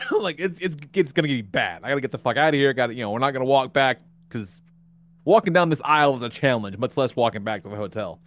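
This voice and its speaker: A man hosting a podcast, telling a story in casual chat, acting out quotes with big jumps in pitch and laughing often. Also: expressive, quick pace. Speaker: podcast host.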